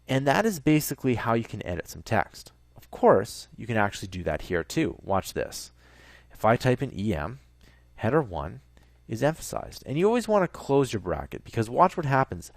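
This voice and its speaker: Man, coding teacher, relaxed step-by-step talk, deep-ish voice, dry close recording. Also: gravelly, no room sound. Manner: relaxed, talks through steps as he types. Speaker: coding instructor. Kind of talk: screen-recorded coding tutorial.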